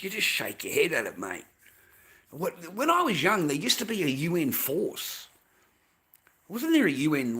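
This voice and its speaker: Here the middle-aged Australian livestreamer sounds a little high and a bit bright. Ranting at his chat, he repeats his points bluntly with nonstop profanity.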